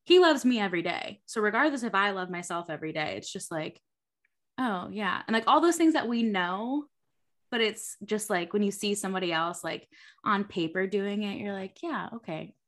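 Woman co-host, animated pitch, bright voice, heavy "like" fillers. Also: fairly quick. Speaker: podcast co-host. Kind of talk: casual podcast chat.

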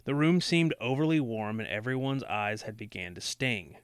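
Brief: snarky male podcast reader, mid pitch, close and dry. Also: lively intonation, normal speed, clean tone, no echo. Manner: sarcastic, swears freely. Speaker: podcast co-host reading a book aloud. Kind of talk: casual reading with snarky asides.

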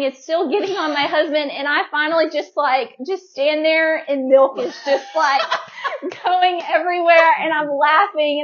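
A young woman with a high voice tells her story as a guest on a podcast, lively and quick to laugh. The recording is dull and lo-fi. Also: background noise. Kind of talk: casual storytelling.

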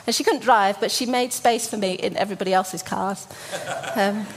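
A woman's voice: medium pitch, normal speed, a little hiss or hum. A woman telling stories in a church talk. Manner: warm storytelling with frequent fillers and restarts. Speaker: church speaker. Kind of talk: sermon.

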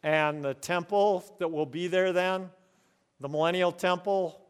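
A man from the United States preaching a sermon to his congregation in earnest, often chuckling and slowing down to stress key words. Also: high-pitched, steady tone, smooth, big-room sound. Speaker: pastor. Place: church room with congregation.

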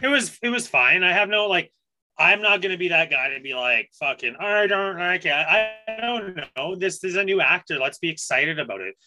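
A man's voice: on the high side, sharp tone, no room sound, low-quality recording. A man co-hosting a podcast in casual chat, laid-back and reflective, with casual swearing. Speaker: podcast co-host.

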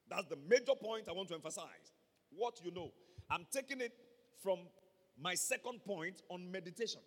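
A high-pitched, husky Nigerian man preaching as a pastor, hammering home key phrases and calling for amens. His voice rings with the long reverb of a large church hall. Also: fairly bright tone. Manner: emphatic, repeats key phrases, calls for amens. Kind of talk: sermon.

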